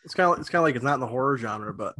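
A man's voice: mid-range voice, expressive, pushed and bright, no room sound, studio quality. A man co-hosting a casual movie talk, often stumbling and repeating words as he gets going. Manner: halting, repeats words as he starts.

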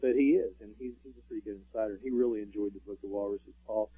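A man's voice: on the low side, steady tone, rapid-fire, slightly rough, no echo. A man, a radio show guest, telling stories in casual interview talk with lots of fillers. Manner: rambling storyteller, many fillers. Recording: tinny phone line.

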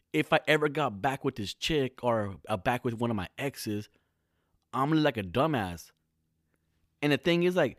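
A man's voice: mid-range voice, dry recording, clean studio sound. A man in his thirties from California, talking alone in a casual, rambling, profane podcast monologue full of slang.

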